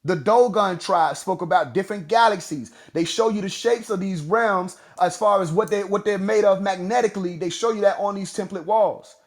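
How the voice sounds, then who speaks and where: Man, high voice, preachy lecture, rhetorical questions, drawn-out key words. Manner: preachy, asks rhetorical questions and answers them. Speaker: host. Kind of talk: lecturing talk on a live audio room.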